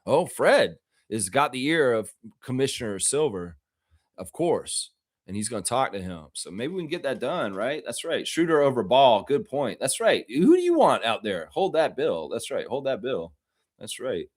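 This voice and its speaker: A man's voice: mid-range voice, moderate pace, no echo. Joking male podcast host, dry sound. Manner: animated, joking, chats with viewers. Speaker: host of a basketball podcast livestream. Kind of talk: casual live commentary and chat.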